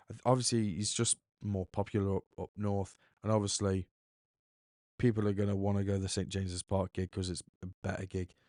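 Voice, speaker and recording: A man's voice: deep voice, warm tone, no echo, clean studio sound. A young man hosting a podcast, rambling chattily and correcting himself as he goes. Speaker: podcast host. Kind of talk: casual solo podcast monologue.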